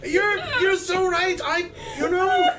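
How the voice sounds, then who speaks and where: Guy doing a snooty stuck-up knight, giggly and stammery, slow and lively, music behind. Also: high voice, very noisy. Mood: giddy. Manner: haughty, giggling, stammering aristocrat. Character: pompous snobbish male knight, vain and entitled. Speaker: player.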